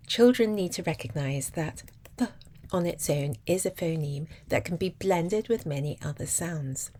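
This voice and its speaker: A woman explaining phonics in a measured lesson, sounding out word parts slowly. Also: on the low side, darkish tone. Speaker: literacy teacher.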